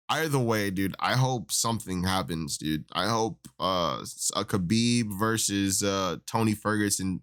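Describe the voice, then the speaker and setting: A man's voice: fairly low pitch, a bit bright. Profane, exasperated young man ranting. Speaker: MMA commentator. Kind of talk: casual opinion rant.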